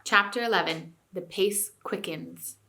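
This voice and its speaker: A woman teacher reading a novel aloud to her class, with clear storytelling. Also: medium pitch, unhurried, pushed and bright.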